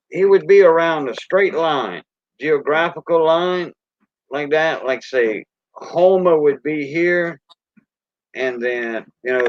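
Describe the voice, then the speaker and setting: A man's voice: fairly high pitch, no room sound. A man from the Louisiana Gulf Coast with a Cajun accent, hosting a casual, rambling live-stream chat in a folksy way. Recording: dull lo-fi stream audio.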